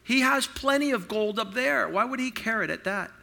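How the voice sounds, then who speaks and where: Middle-aged male preacher, high and piercing, storytelling sermon with big swings in volume. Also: fairly quick, creaky. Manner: animated, acts out quotes with sudden loud outbursts and hushed asides.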